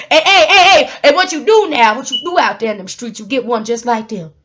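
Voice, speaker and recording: A woman giving a casual, rambling motivational talk, laughing often and swinging from loud to hushed. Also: on the high side, animated, brisk, highs cut off. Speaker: motivational vlogger.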